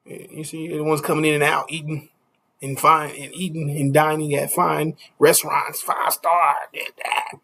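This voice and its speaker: A man's voice: on the high side, little pitch movement, moderate pace, vocal fry, a bit bright. A man preaching a casual street sermon, stopping often to ask "you see?" and chuckling between points.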